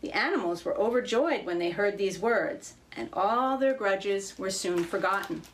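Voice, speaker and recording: Woman telling a fable, measured. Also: medium pitch, lively intonation, slight background noise, rough recording. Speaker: church reader. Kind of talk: storytelling.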